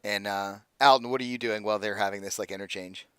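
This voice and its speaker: A man's voice: lowish voice, steady tone, fast talker, fairly bright tone, clear, resonant tone, no echo. Laid-back male game master. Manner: loose, full of "like" fillers. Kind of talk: narrating a tabletop game.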